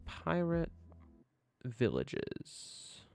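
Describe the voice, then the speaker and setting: A man's voice: mid-range voice, huge pitch swings, very slow, gravelly, smooth, soft background music. A man live-streaming a building game, chatting casually and thinking aloud to himself as he works.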